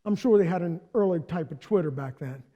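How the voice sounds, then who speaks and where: A man preaching a sermon as pastor, animated and playful, talking directly to the congregation. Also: fairly high pitch, brisk, dull audio.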